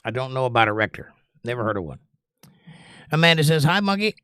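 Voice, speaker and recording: A man's voice: medium pitch, quick pace, clear, resonant tone, no room sound, studio quality. An older man hosting a music livestream, reading viewers' comments aloud in a casual, joking way. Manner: animated, reads chat aloud and jokes.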